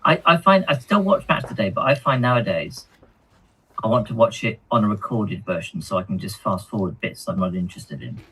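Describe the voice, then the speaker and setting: Male co-host, bright but husky tone, halting casual chat with restarts. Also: fairly low pitch, expressive, low-quality recording. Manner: apologetic, hesitant, stumbling over words. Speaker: co-host of a tabletop gaming stream. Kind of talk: casual live-stream chat.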